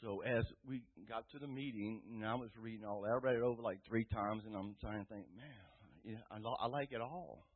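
A man giving an earnest, rambling personal testimony to a church group, rising loud when he quotes himself, with a tinny phone-like sound. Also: on the low side, brisk, hardly any pauses, breathy edge. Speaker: testimony speaker.

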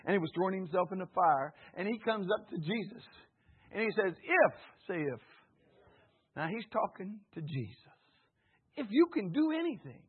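A man preaching a sermon with call-and-response, his voice swelling to shouts on key lines. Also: high voice, normal speed, breathy edge. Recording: tinny phone-like recording.

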